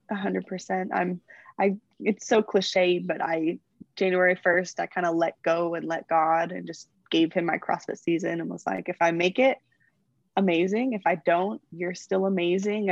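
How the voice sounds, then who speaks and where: A young woman athlete being interviewed, chatting warmly and gushing, getting emotional as she talks about her faith. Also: on the low side, creaky, no echo, lo-fi sound. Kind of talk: casual interview.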